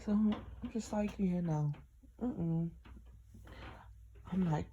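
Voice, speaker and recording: A young diary vlogger tells her own story casually, chatting straight to her listeners with plenty of fillers. Her fairly low, mellow voice moves slowly with long pauses, over slight background noise.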